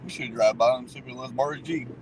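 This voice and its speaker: A man of middle pitch chatting along in a car, with faint background noise. He tosses out quick, slangy jokes in a relaxed, easy way. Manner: joking, slangy, quick quips. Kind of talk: casual chat.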